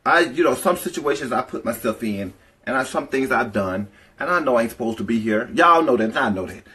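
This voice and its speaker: On a laid-back livestream, a man tells frank, profane stories, drifting from one to the next and pausing to say hi to people in the chat. His voice is mid-pitched, bright and forceful, and he talks animatedly at a fairly quick clip.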